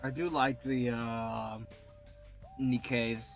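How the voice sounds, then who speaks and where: A male streamer chatting casually and reading game characters aloud, animated and quick to laugh and swear. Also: medium pitch, gravelly, soft background music. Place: home streaming setup.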